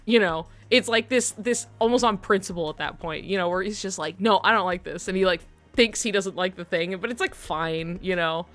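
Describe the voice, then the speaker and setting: A woman's voice: on the low side, normal speed, few pauses, faint music behind. A young woman streamer chatting casually while she plays, rambling with lots of fillers and frequent giggles. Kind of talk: casual chat while gaming.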